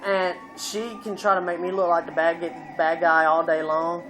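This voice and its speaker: A man vlogger telling a rambling, profane story in casual chat, filling it with "you know" and getting loud at times. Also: fairly high pitch, level tone, moderate pace, background noise.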